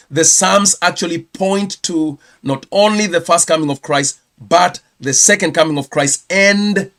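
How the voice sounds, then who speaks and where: A man's voice: fairly high pitch, a bit bright. A Kenyan man, a pastor, giving a chatty live-streamed news round-up and correcting himself as he goes. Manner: chatty, self-correcting, reads viewer comments.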